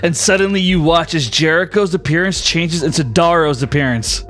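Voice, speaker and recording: A man running a tabletop role-playing game, narrating scenes and calling for dice rolls at a measured pace. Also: a little high, fairly bright tone, faint music behind. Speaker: game master.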